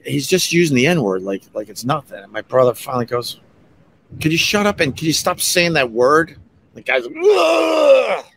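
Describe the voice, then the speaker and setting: A man hosting a podcast, telling personal stories in a casual, heated way that jumps up in pitch when he gets riled. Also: gravelly, a little hiss or hum. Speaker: podcast host. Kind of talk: casual storytelling monologue.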